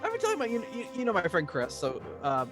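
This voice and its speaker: A man's voice: sits high, huge pitch swings, quick pace, music in the background. A man co-hosting a podcast in easygoing chat, rambling with many restarts. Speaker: podcast co-host.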